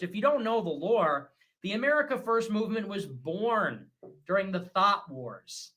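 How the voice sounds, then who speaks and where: A man hosting a livestream show, talking in a rambling, combative monologue that swings from loud bursts to low mutters. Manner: self-assured, talks in repeated short phrases.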